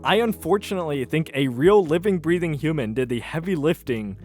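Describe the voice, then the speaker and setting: A man's voice: fairly high pitch, expressive, a little fast, a little mellow, soft background music. A young man hosting reaction commentary, sarcastic and incredulous, with laughing asides as he reads posts aloud. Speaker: commentary host.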